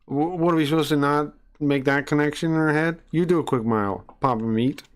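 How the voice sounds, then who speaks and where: A man's voice: fairly high pitch, brisk. A man casually reacting to a video, indignant and rambling, often repeating himself.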